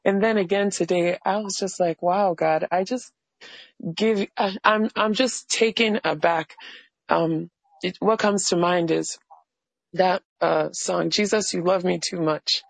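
A woman caller sharing a personal testimony with the pastor, halting and overwhelmed, restarting her sentences. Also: on the low side, steady tone, creaky, no echo, low-quality recording.

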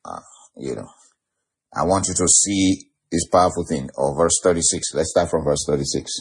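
A man's voice: a bass voice, moderate pace, breathy edge. A man preaching a sermon, laughing often and drawing out key phrases for emphasis.

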